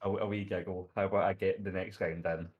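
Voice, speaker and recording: A breezy, flirtatious male half-elf with a lilt, as a player voices him. The voice sits fairly low and easygoing. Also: little pitch movement, brisk, phone-quality sound, faint music behind.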